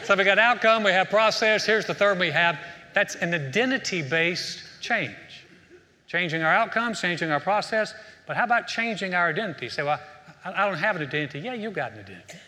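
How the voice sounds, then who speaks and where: A man's voice: sits high, bright, forceful tone. A male pastor preaching a sermon in a conversational way, telling a joke and often restarting his words. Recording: preached in a hall with long reverb.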